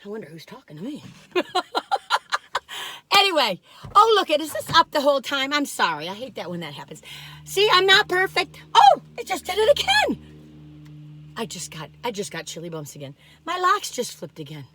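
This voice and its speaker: A woman's voice: mid-range voice, wildly swooping pitch, fairly quick, bright, forceful tone, a little hiss or hum. A woman vlogging alone from her parked car, rambling through stories and exclaiming often. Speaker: food review vlogger. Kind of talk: chatty solo vlog.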